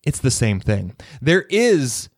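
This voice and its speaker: A man's voice: mid-range voice, big pitch swings, takes it slowly, no room sound, studio quality. A man hosting a podcast, chatting casually in a playful, bantering way. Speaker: podcast host. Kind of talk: casual chat.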